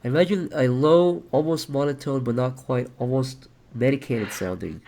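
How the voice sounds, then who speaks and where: A man chatting casually on a livestream, animated, profane and quick to laugh. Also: medium pitch, creaky. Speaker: streamer.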